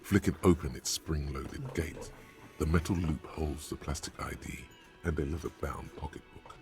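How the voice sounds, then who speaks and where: A man voicing a deep gravelly game narrator who talks slowly and measuredly to the player. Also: over music. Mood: ominous. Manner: slow, measured, second-person narration.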